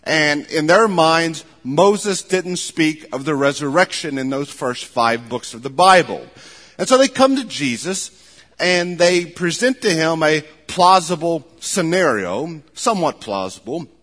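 A man preaching a sermon with a fairly high voice. He swings between loud, emphatic passages and low, quiet asides. His voice rings with a long hall reverb. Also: lively intonation, a little slow. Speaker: pastor.

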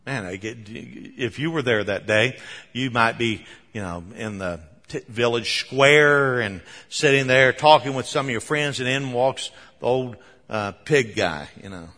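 Bright-voiced preacher in a reverberant hall. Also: male voice, medium pitch, a little slow. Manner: animated storytelling with chuckles and sudden emphatic bursts. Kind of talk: sermon.

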